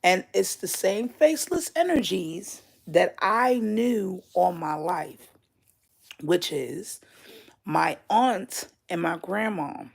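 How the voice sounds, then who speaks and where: A woman's voice: mid-range voice, expressive, vocal fry, breathy edge. A woman telling a personal dream story casually and candidly, swearing freely as she talks. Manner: slow and drawn out. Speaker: vlogger.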